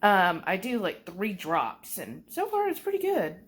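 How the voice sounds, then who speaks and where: A woman's voice: medium pitch, wildly swooping pitch, measured pace. A woman, chatting casually to her viewers in a food vlog at home. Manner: chatty, folksy, warmly addresses viewers as y'all. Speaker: keto food vlogger.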